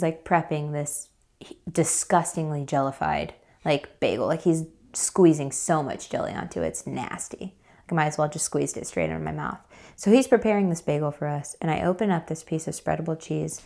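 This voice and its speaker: Low, gravelly-voiced woman telling a story. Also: darkish tone. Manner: chatty, with many fillers. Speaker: interview guest. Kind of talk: casual storytelling.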